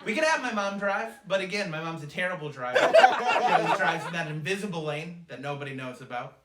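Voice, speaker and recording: Man, stand-up comedian, lively swooping pitch, higher voice, echoey room. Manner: quick, animated storytelling. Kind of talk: stand-up routine. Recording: echoey room, distant mic, noisy.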